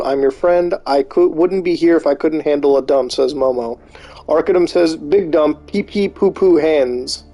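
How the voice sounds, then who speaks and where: A man streaming live, reading posts aloud and reacting with disbelief and swearing. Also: on the high side. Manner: incredulous, swearing, reacting out loud.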